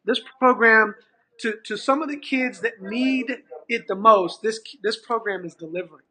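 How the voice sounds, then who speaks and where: Here a high-voiced man at normal speed recounts a story as a guest, voicing the characters' lines with animation. Middle-aged and from California, he manages an after-school program, and he keeps restarting his sentences.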